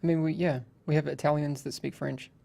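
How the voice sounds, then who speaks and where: Male podcast host, gravelly tone, chatty anecdotal delivery with restarts. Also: on the high side, steady tone, a little fast, mellow. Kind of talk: casual podcast chat.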